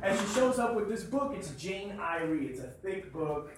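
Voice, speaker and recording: A man telling a joking, profane story to a group at a networking meeting, in an animated, excitable way. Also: high voice, normal speed, very noisy. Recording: very echoey room from far off, crowd audible.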